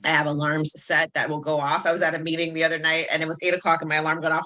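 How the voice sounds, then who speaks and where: An animated, upbeat woman talks as a self-esteem coach in a casual interview. Her voice is bright and forceful, and she tells her stories with plenty of energy. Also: sits low, quick pace.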